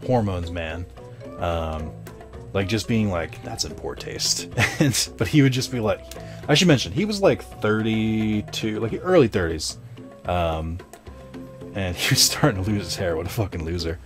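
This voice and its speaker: A young man tells a casual story time tale, rambling through fillers and sarcastic, profane asides. His voice sits a little low. Faint music plays behind him. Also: expressive, moderate pace. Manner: rambling, many fillers and asides, laughs at himself.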